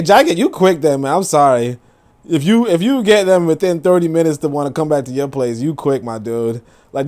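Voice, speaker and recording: A man's voice: fairly high pitch, a little mellow. A young man hosting a podcast, casually reacting to social media posts, incredulous, laughing and profane, repeating his questions. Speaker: podcast host.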